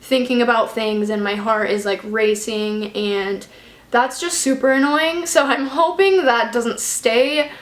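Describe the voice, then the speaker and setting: A woman's voice: on the high side, steady tone, unhurried. A young woman chatting casually to camera in a vlog, a bit out of breath, rambling with lots of fillers. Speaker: vlogger. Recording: echoey room.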